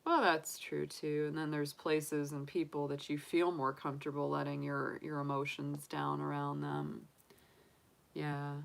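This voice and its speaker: A woman's voice: on the low side, vocal fry, fairly bright tone, clean tone. A woman, hosting a tarot live stream, chatting openly and emotionally with viewers and laughing often. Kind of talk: casual live-stream chat.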